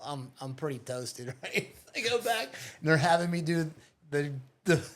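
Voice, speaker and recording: A man with a slightly high voice spins wild, profane stories in casual chat. He is animated and laughs through his tales, recorded on location in a home. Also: moderate pace. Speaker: podcast guest. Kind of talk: casual storytelling. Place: childhood neighborhood home.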